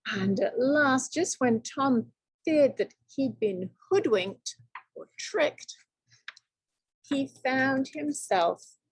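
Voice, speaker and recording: A woman teacher reads a picture book aloud to her young students, telling it with expressive drama. Her voice is husky with a gravelly fry, and she takes her time. The sound is dry and close. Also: high voice, no echo.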